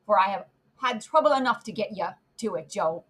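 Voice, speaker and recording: A woman's voice: mid-range voice, animated, fairly quick, fairly bright tone. A woman voicing an irritable male coachman grumbling at his horses. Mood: vexed.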